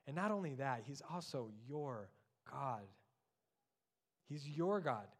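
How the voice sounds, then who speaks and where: A man in his thirties preaching a sermon as pastor, often dropping soft and low on key words. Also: expressive, slow.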